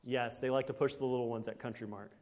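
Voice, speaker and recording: A man of middle pitch preaching a relaxed, conversational sermon. His manner is folksy and storytelling. He keeps checking in with the congregation through little tag questions. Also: fast talker.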